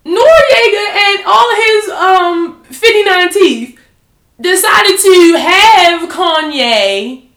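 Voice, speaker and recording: A woman's voice: very high-pitched, animated, extremely slow, a bit bright, echoey room. A woman co-hosting a podcast, talking in a blunt, heated and profane way in casual chat. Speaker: podcast co-host.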